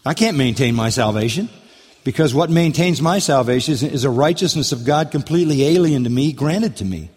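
A male pastor delivers an expository sermon in a mid-range voice that is animated, husky, a little mellow and a little fast. He preaches emphatically, repeating key phrases and asking rhetorical questions, while a large sanctuary adds long reverb.

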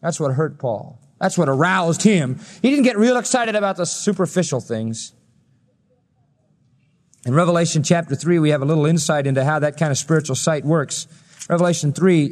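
Male pastor, emphatic sermon, high voice, echo of a church hall. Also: normal speed, a little mellow. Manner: emphatic, rising and falling preaching delivery. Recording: long reverb of a hall.

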